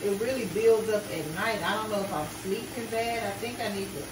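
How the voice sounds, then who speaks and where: In an echoey indoor kitchen with background noise, a drowsy, exhausted woman talks casually to the camera for her vlog. Her mid-range voice moves fairly quickly, and she calls her audience "y'all" while swearing without fuss.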